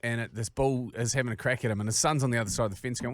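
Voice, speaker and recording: A man with a New Zealand accent, co-hosting a podcast and telling sweary, animated stories in casual chat. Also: medium pitch, rapid-fire, few pauses, no room sound, studio quality. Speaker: podcast co-host.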